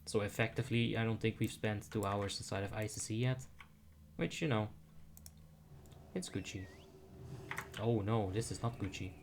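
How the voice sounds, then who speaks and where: A man's voice: fairly low pitch, moderate pace, pauses often, slight background noise. A young man giving casual commentary while playing a game, chatty and self-deprecating, muttering asides to himself. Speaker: streamer.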